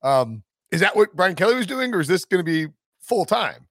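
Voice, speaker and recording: A man hosting a sports betting podcast, talking in a jokey, animated way and laughing often. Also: high voice, fairly quick, dry recording, clean studio sound. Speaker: podcast host. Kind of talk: casual sports betting chat.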